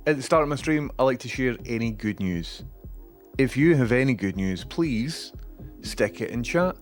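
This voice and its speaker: A Scottish man hosting a live stream, chatting casually with viewers, with dry asides and some swearing. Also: mid-range voice.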